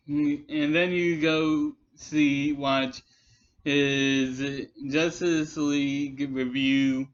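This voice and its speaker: A man's voice: a little high, a bit bright. A man giving casual rebuttal commentary, arguing with critics and addressing them directly. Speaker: commentary vlogger. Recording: slightly muffled lo-fi recording.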